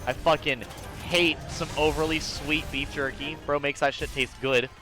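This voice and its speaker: A man from Georgia streaming a game, chatting loosely with viewers in a rambling, profane way with sudden excited jumps in pitch. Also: normal speed, over music. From Georgia, USA. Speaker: gaming streamer. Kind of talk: casual live-stream chat while gaming.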